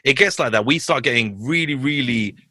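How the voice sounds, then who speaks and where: A man in his thirties from West London with a London accent, a podcast guest telling animated, slangy stories and swearing freely. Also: mid-range voice, a little fast, no room sound. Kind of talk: casual podcast chat.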